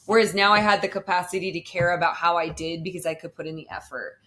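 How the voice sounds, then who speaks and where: A woman's voice: lowish voice, steady tone, fast talker, bright, forceful tone. A young woman talking casually about her bodybuilding prep, chatty and full of fillers. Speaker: bodybuilding competitor, guest. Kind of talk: casual podcast chat.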